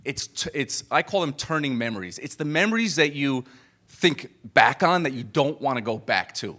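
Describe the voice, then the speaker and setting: A man speaks to a live audience in a loose, conversational storytelling style. His pitch sits in the middle range, and he stumbles and restarts as he acts out the dialogue. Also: normal speed. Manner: animated and conversational, full of fillers and restarts, acts out quoted dialogue. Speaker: business coach speaking to an event audience. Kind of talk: live motivational storytelling talk. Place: event room with a live audience.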